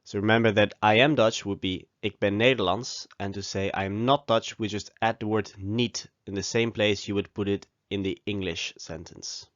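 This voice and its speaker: A man teaching a scripted language lesson, giving phrases slowly and with pauses so learners can repeat after him. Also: fairly low pitch, fairly even intonation, a bit bright, no room sound, dull audio. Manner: slow, deliberate model pronunciation with pauses for repeating.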